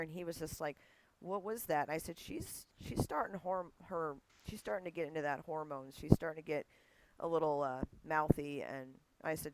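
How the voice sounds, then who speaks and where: A woman's voice: low voice, dry recording, low-quality recording. A woman hosting a podcast, chatting casually and telling family stories with acted-out dialogue. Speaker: podcast host. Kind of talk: casual conversation.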